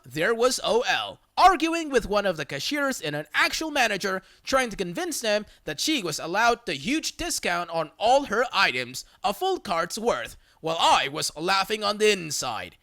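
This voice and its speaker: Lively, bright voice reading a story. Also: mid-range voice, no echo, clean studio sound. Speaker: story narrator. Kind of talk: reading reddit stories aloud.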